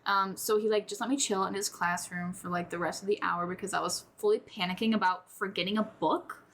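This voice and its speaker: A young woman co-hosting a casual podcast, excitable and jokey, swearing freely as she chats. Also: mid-range voice, brisk. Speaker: podcast co-host. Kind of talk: casual chat.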